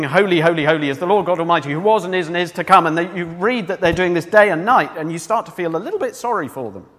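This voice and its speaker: A man's voice: fairly high pitch, fairly bright tone, in a large hall. A man preaching a sermon in a church, talking conversationally and asking the congregation questions.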